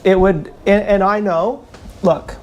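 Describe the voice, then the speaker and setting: A man's voice: high-pitched, fairly even intonation, slow, a little mellow, slight background noise. A man livestreaming from an action camera, rambling off the cuff in a playful, joking way. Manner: stream-of-consciousness, joking, playful. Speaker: livestreaming vlogger. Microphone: action camera mic.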